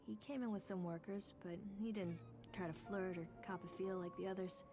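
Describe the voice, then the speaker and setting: Brief: actress as a soft-spoken grieving mother, game narration over clear music, mid-range voice. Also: medium pitch, steady tone, brisk, close to an everyday voice. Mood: wistful. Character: grieving young mother searching for her lost son.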